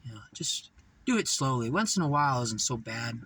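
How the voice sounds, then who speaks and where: A man's voice: medium pitch, big pitch swings, fairly quick, a bit bright, slight background noise. A man mimicking a coaxing male drug dealer.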